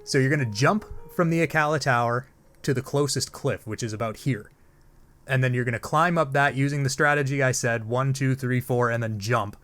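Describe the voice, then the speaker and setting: Brief: let's play host, casual crude jokes, rambling middle-pitched voice. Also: male voice, brisk, a bit bright, soft background music. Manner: crude, joking, rambling with fillers. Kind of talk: casual gameplay commentary.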